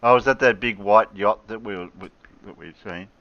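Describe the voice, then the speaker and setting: A man's voice: fairly low pitch, normal speed. A man co-hosting a casual chat, laid-back with brief replies. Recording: dull lo-fi sound.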